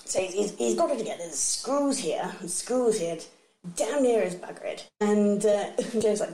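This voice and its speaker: A woman in her thirties chats casually, spinning funny anecdotes about her family. She slips into quick impressions of the people she describes. Her voice has some room echo and a faint hiss behind it. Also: mid-range voice, animated, warm tone. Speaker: guest comedian. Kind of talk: casual storytelling chat.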